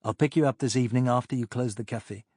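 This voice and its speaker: A man voicing a steady policeman who speaks in a measured, slightly pompous way. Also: mid-range voice, no room sound, clean studio sound, close to an everyday voice. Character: calm steady country policeman.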